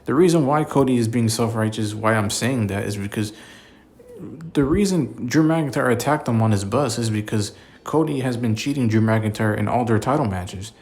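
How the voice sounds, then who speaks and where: A man in the middle of an exasperated solo rant, circling back over the same point with filler words and blunt cursing. His voice sits at an ordinary middle pitch, casual and unscripted, like someone venting straight to camera. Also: moderate pace, darkish tone. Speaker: wrestling commentator.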